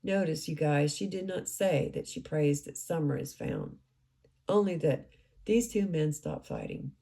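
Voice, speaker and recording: A woman's voice: sits low, very animated, measured pace, vocal fry, warm tone. A woman narrating a true-crime case recap, recounting events and quoting what others said.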